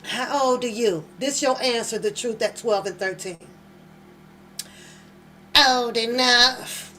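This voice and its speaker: A woman with a high voice hosts a reaction show and talks straight into the mic. Her commentary is blunt, mocking and profane, and she hammers points by repeating phrases. A faint hum sits behind her. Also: normal speed. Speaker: reaction channel host.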